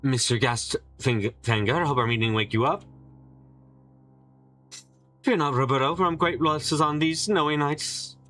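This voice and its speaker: A man playing a mystery game, reading the characters' lines aloud and giving several of them higher put-on voices. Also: normal speed, long pauses, pushed and bright, soft background music. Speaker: let's play streamer.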